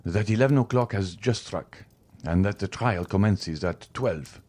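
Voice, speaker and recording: A man's voice: on the low side, measured pace, darkish tone. A man voicing a deferential household valet who answers politely in a subdued voice in an audiobook.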